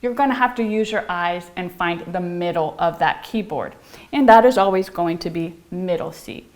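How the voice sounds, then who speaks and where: A woman's voice: lowish voice, normal speed, darkish tone. A middle-aged woman giving a playful piano lesson, bubbly and theatrical, chanting rhymes in a sing-song way and dropping into whispers. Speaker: piano teacher.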